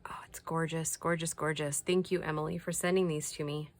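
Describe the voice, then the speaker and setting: A woman's voice: low voice, flat delivery, fairly quick. A woman chatting casually as she shows off crafty mail from subscribers, gushing over each piece and sometimes dropping to a whisper. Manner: gushing, soft-spoken, drops to whispers. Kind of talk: casual chat.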